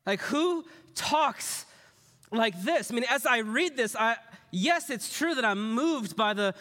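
A man with a high, bright, forceful voice preaches a sermon, weaving in personal stories and rhetorical questions to his listeners. His voice rings out with a long reverb, as in a large hall. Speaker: pastor.

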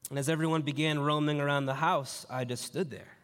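A man's voice: on the high side, steady tone, a little fast, a bit bright, big-room sound. A man preaching a sermon in a conversational way, telling personal stories and asking the congregation rhetorical questions. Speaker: pastor.

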